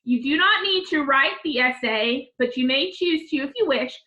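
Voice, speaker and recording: A woman's voice: high voice, lively intonation, normal speed, sharp tone, highs cut off. A woman teacher giving remote class instructions to children, patiently repeating each step.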